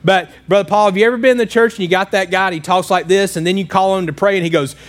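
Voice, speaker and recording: A man with a fairly high voice preaching in a church. He talks to his congregation casually, checking in with frequent questions as he goes. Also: fairly even intonation, fast. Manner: conversational, asks the congregation questions. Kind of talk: sermon.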